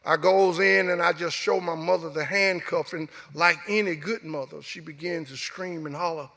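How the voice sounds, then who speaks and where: A man's voice: fairly high pitch, steady tone, normal speed, gravelly, few pauses, bright, forceful tone. A middle-aged man from Alabama with a Southern US accent, telling a personal story as a guest speaker and acting out the dialogue. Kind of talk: storytelling speech. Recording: echoey hall.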